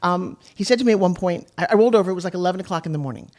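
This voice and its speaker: A woman's voice: fairly low pitch, a little mellow. An older woman speaking as a podcast guest in a heartfelt, emotional conversation, at times close to tears. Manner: fast, heartfelt, tearful at times. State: tearful.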